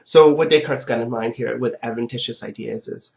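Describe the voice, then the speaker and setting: A man whose voice sounds sick and rough gives a recorded philosophy lecture, medium-pitched and brisk. He explains things step by step in a conversational style, often checking in with "right?".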